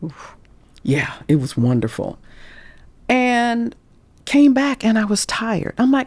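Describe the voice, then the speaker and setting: A middle-aged woman career coach speaks slowly with long pauses, her voice a little high, as she tells candid stories on a podcast. She acts out quoted voices with animation and drops to whispers. There's no room sound at all.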